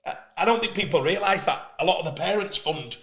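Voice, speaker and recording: A man's voice: high voice, fairly quick, gravelly. A middle-aged man, hosting a casual interview and telling stories with passion. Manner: passionate, animated storyteller. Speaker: host, player agent. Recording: echoey room.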